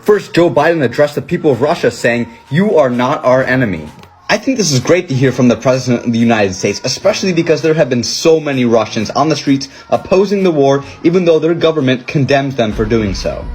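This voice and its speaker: Man reading a quick news update. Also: mid-range voice, animated, a little mellow, faint music behind. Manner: brisk, informative, commenting. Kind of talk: short news update to camera.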